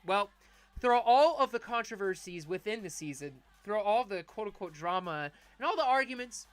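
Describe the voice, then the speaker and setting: A woman hosting a live-streamed awards ceremony, with a pitch that sits in the middle range. She talks loosely, full of "like" and "you know", and builds up to shouting each winner's name. Soft music plays faintly behind her. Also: lively intonation, moderate pace. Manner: chatty, filler-heavy, shouts winners' names.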